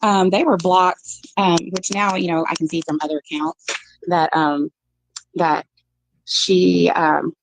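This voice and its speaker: Low, gravelly woman rambling on. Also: fairly even intonation, takes it slowly, no echo, poor audio. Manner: rambling, heavy on fillers. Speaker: interview guest.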